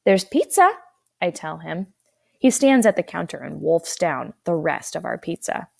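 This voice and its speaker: A woman narrating a first-person audiobook in a wry, expressive way. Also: low voice, normal speed, creaky, dry recording, studio quality.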